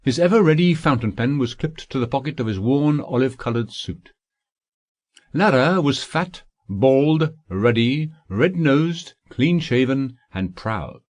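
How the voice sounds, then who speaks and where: A male audiobook narrator reading in a steady, measured way. His voice sits in a middle pitch. The recording is dry and close, with no room sound. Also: dry recording. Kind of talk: scripted narration.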